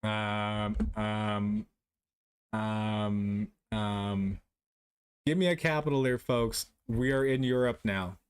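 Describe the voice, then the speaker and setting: A man's voice: fairly low pitch, steady tone, slow, clear, resonant tone. A young man streaming live, chatting casually with his viewers while playing a guessing game, joking at his own expense and laughing often. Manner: jokey, self-mocking, laughs often.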